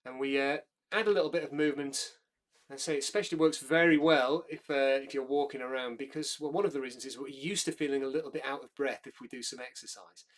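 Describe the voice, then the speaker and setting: A man guides a group through a breathing exercise, giving steady step-by-step instructions and counting them down. He talks at a middling pitch and often pauses to correct himself. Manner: calm step-by-step instruction with fillers and self-corrections.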